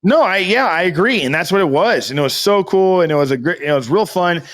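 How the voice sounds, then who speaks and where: A man's voice: sits high, animated, fairly quick, fairly bright tone. A man co-hosting a podcast, rambling through a casual story with loose swearing. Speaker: podcast co-host. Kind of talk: casual chat.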